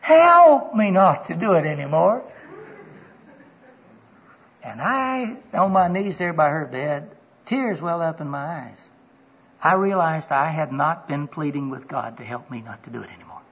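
An older man preaching a sermon, telling personal stories and acting out the dialogue in them, earnestly, often dropping to a hushed voice for the personal moments. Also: fairly high pitch, expressive, moderate pace, husky. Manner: storytelling, acts out quoted dialogue with his voice. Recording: dull lo-fi recording.

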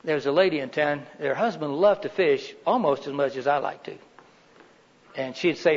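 Brisk and a little high-voiced, the middle-aged man leads a live workshop in a meeting room with a heater and windows. He chats in a homey way and keeps quizzing his listeners, and the recording has a dull, reverberant quality.

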